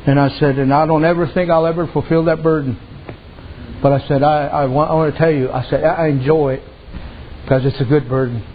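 A man's voice: on the high side, steady tone, brisk, a little hiss or hum. A man preaching a sermon, telling folksy stories and dropping repeated amens. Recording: dull lo-fi recording.

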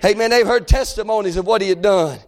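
A male preacher, delivering a rhythmic sermon that swings between shouted pleas and half-sung lines. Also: sits high, fast talker.

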